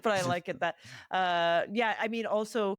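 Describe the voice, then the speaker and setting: A woman's voice: mid-range voice, steady tone, moderate pace, clean tone, no echo, studio quality. Frank laughing woman podcast host. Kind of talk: casual chat.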